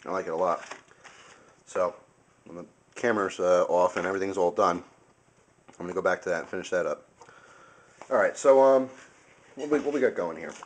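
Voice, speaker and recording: A man's voice: deep voice, a little fast, long pauses, slight background noise. A young man casually reviewing food on camera, chatty and enthusiastic, sometimes talking with his mouth full. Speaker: video host.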